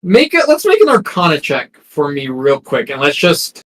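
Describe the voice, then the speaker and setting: A man's voice: fairly high pitch, wildly swooping pitch, normal speed, fairly bright tone, rough recording. A man narrating a tabletop game as game master, hesitant and full of ums and restarts.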